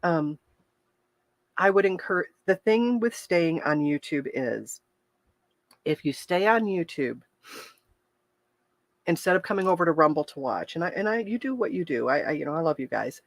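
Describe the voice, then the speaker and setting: A health coach livestreams to her viewers in a candid, chatty way, openly emotional, frequently restarting sentences and laughing through tears. Her low-leaning voice is expressive and creaky, at a moderate pace with frequent pauses and no echo.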